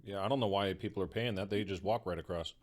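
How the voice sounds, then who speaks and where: A man's voice: low voice, fast. A man hosting a podcast interview, chiming in with brief, supportive remarks. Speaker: podcast host. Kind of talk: interview conversation.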